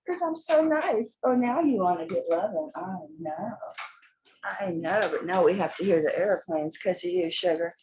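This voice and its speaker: A woman's voice: fairly low pitch, normal speed, background noise. A woman selling vintage jewelry in a chatty home vlog, showing pieces and talking to her dog. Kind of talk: casual vlog showing items.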